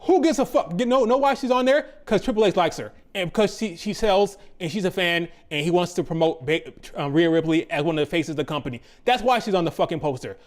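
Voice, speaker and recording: High-voiced man in a profane rant. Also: expressive, fast, hardly any pauses. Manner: profane, exasperated ranting with sarcastic mock quotes. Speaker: wrestling commentator. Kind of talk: ranting commentary.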